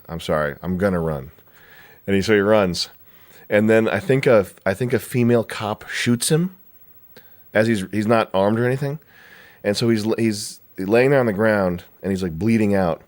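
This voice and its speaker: A man hosting a podcast, chatting casually in a rambling, profane way and laughing often. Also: low-pitched. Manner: mimics others in raised voice. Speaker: podcast host. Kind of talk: casual chat.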